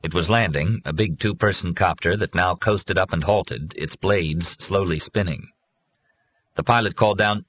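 A man reads a novel aloud in a measured, even way. His voice is deep and low. The sound is dry and close, with no room around it. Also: slightly rough, dry recording. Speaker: narrator. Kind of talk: audiobook narration.

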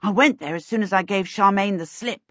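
A woman voicing a cheerful, eager young boy apprentice who talks in a bright, hurried way. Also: medium pitch, dry recording, muffled recording, pitched above the performer's own voice, close to an everyday voice.

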